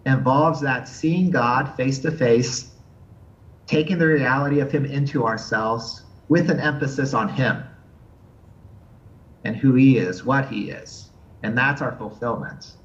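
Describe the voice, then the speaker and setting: A man giving an unscripted theology lecture, earnest and thoughtful, often pausing and restarting as he searches for words. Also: mid-range voice, lo-fi sound. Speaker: theology teacher.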